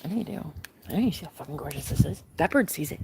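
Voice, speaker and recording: A young woman livestreaming from a backyard, talking in an excitable, gushing way that jumps between loud exclamations and hushed whispers. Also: low-pitched, rapid-fire, gravelly, very noisy. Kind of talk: casual livestream chat. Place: outdoors in a backyard.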